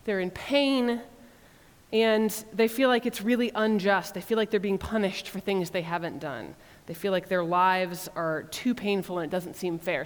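A woman's voice: fairly low pitch, long reverb tail. A woman preacher teaching an informal sermon, chatty and humorous, with laughing asides. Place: church.

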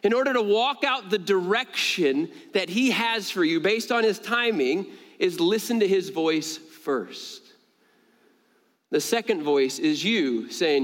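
A man preaching a sermon to his congregation, animated, jumping higher in pitch to stress a point and laughing between stories. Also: unhurried. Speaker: pastor. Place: church sanctuary. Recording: long reverb of a large church hall.

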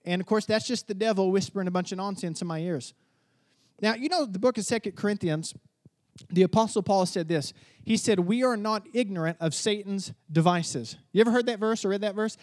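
A man preaching a sermon, telling a personal story and swinging between hushed asides and loud, emphatic declarations. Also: high-pitched, brisk, no room sound, studio quality. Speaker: pastor.

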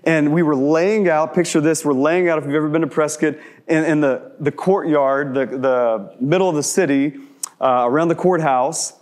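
A man in his thirties preaching a sermon in a conversational way, asking many rhetorical questions and dropping to slow, hushed emphasis on key words. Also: fairly high pitch, fairly even intonation. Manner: shifts between quick asides and slow, hushed emphasis. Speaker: pastor.

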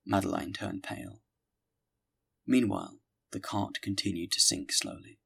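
A man reading a classic novel aloud as an audiobook, measured and steady. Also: deep voice, vocal fry. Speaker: audiobook narrator. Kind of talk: scripted audiobook narration.

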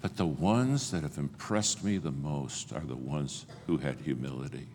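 An older man preaching a sermon, telling stories and acting out the dialogue with big swings in pitch and loudness. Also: normal speed, slight background noise. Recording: long hall reverb, faint ambience.

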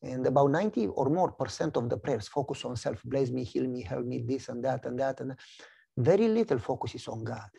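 Animated gravelly male preacher. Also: mid-range voice, a little fast. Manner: animated storytelling, acts out voices. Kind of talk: sermon with personal testimony.

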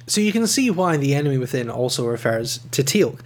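A man's voice: medium pitch, big pitch swings, brisk. Chatty man reviewing an episode. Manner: conversational, with frequent fillers and enthusiastic rises. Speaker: podcast host reviewing episodes.

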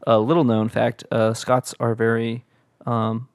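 A man's voice: medium pitch, completely flat delivery, a little slow, clear, resonant tone, dry recording, studio quality. A young man co-hosting a casual podcast, talking hesitantly and searching for words. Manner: hesitant, many fillers and restarts. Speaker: podcast co-host.

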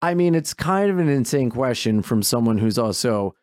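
A man from Delaware with a Delaware accent, chatting casually as a podcast guest and telling lively stories. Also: mid-range voice, normal speed, dry recording, studio quality. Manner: animated storyteller, jumps into goofy voices.

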